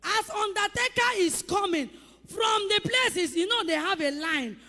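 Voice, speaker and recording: A woman's voice: very high-pitched, lively intonation, a little slow, pushed and bright, long reverb tail. A woman pastor preaching a sermon with emphatic calls, rhetorical questions to the congregation and acted-out sound effects.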